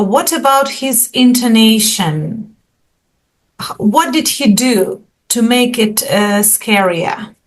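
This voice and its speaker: A woman teaching an English lesson over a video call, patiently asking her students questions and encouraging them. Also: mid-range voice.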